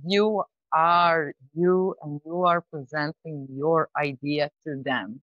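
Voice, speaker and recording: A woman guest talking casually about pitching, in a thoughtful, halting way with restarts. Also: steady tone, no room sound. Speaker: startup founder, guest. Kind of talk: casual interview talk. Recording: slightly dull lo-fi audio.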